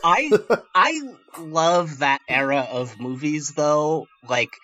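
A podcast co-host in casual chat, joking and quick with asides. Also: mid-range voice, lively intonation, pushed and bright, soft background music. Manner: quick, joking, puts on silly voices when quoting.

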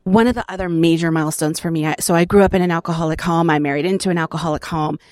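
A woman's voice: low-pitched, fairly even intonation, rapid-fire, dry recording. Earnest woman, dry close sound. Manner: earnest, reflective, laughs softly between phrases. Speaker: recovery program member sharing her story. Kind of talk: personal testimony.

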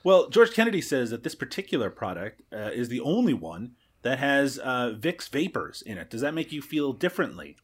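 A married man co-hosting a podcast, chatting in a dry, teasing way with many "uh" pauses. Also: mid-range voice, big pitch swings, slightly rough. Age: adult, married. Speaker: podcast co-host. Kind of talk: casual chat.

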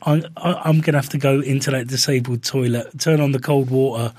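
A man, co-hosting a casual podcast chat with sweary, jokey, deadpan banter. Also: medium pitch, brisk, no echo. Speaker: podcast co-host.

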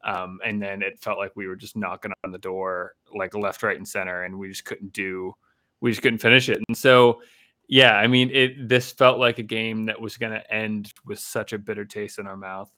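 A man co-hosting a casual sports podcast, animated and joking, often restarting his sentences. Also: fairly low pitch, moderate pace. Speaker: podcast co-host.

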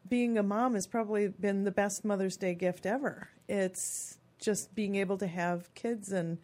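A woman in her fifties, a radio show guest, telling her own story in a chatty, expressive way and acting out quoted lines. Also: mid-range voice, unhurried. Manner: chatty and expressive, acts out quotes in lively voices.

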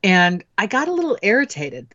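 A woman's voice: mid-range voice, wildly swooping pitch, a little fast, fairly bright tone, dry recording, muffled recording. A middle-aged woman speaking as a guest in a podcast interview, frank and reflective as she tells stories from her own parenting.

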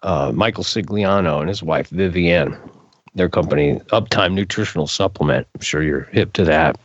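An older man, a guest in an interview, telling a story in a casual, animated way, his voice jumping up when he gets excited. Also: low-pitched, normal speed, no echo. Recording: dull lo-fi recording.

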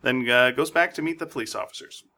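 A man co-hosting a podcast, casually recapping a comic story with many filler pauses. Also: mid-range voice, bright, forceful tone. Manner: meandering with frequent uh fillers. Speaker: podcast co-host.

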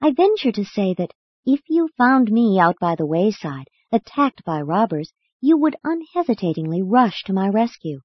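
Calm kindly teacher guy read by a woman, husky and soft, dull lo-fi sound. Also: mid-range voice, normal speed, dry recording. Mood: gentle. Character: gentle, patient male teacher, calm and kindly.

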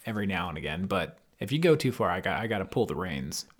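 A man co-hosting a podcast in casual chat. He teases dryly in a calm way. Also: low-pitched, fast talker, slightly rough. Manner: calm, dry teasing. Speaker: podcast co-host and editor.

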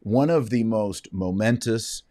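A man's voice: fairly low pitch, measured pace, dark tone, no room sound, studio quality. A man giving heated, preachy opinion commentary, fiery and sarcastic.

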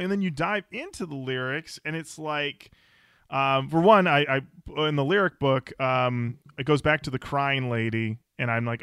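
A man's voice: a little high, normal speed, clean tone, no echo, clean studio sound. A man co-hosting a podcast, chatting casually and joking, often acting out song lyrics in quoted voices. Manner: animated, jokey, acts out lyrics in quoted voices. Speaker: podcast co-host. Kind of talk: casual chat.

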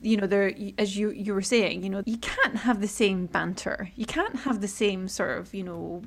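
A woman's voice: medium pitch, normal speed. A woman hosting a podcast, speaking thoughtfully and casually with hesitant "you know"s. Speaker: podcast host. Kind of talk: casual conversation.

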